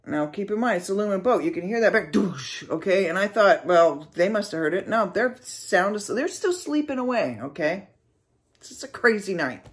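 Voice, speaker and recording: Animated storyteller with mouth sound effects. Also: mid-range voice, brisk. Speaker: vlogger. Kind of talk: casual storytelling.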